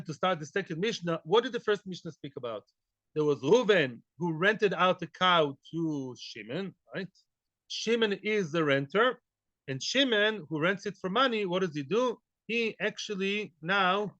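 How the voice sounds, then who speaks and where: A man teaching a Talmud class, animated and full of rhetorical questions. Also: sits high, moderate pace, no echo, dull audio. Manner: animated, rhetorical questions, Yiddish-inflected Hebrew terms.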